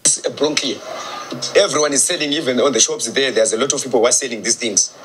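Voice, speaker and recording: A man's voice: medium pitch, fast talker. A man with a Zimbabwean accent acting as local guide and explaining matter-of-factly. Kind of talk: documentary interview. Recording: distant street audio, loud music.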